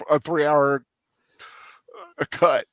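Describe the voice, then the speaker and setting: A man's voice: fairly high pitch, level tone, extremely slow, dry recording. A man hosting a casual movie rewatch commentary, rambling with fillers and laughing often.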